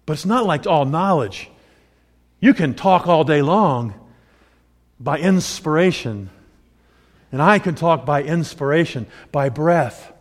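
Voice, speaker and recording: A man preaching a sermon in a conversational, excitable way that rises with emphasis. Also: a little high, slow, pauses often. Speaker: pastor. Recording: long hall reverb.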